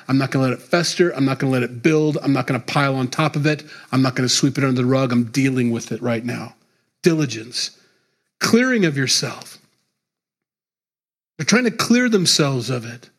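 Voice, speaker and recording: A man pastor preaching a sermon, emphatic and repetitive, with sudden loud rises and quiet drops. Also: mid-range voice, breathy edge.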